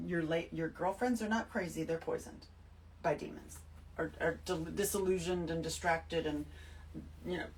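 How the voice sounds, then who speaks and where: A woman giving an emphatic, animated spiritual talk to her listeners, full of swearing. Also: fairly low pitch, recorded from a distance, slight background noise, poor audio. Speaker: host. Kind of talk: spiritual monologue to camera.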